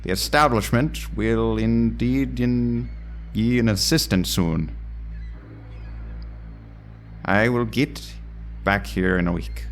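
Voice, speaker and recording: A man voicing an old-timey, gruff male boatman with a put-on Irish accent and slow, drawn-out delivery. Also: on the low side, soft background music, voice pushed up.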